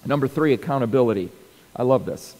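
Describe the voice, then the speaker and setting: A middle-aged man gives a teaching talk coaching church leaders, animating his stories with acted-out quotes and sound effects. He speaks fast at a medium pitch, with a long hall reverb on the recording.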